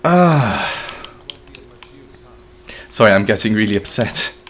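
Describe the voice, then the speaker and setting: A young man commentating his own gameplay live, excitable and profane, talking to his chat as he plays. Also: on the low side, unhurried. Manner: excitable, profane, talks to chat while playing. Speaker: streamer.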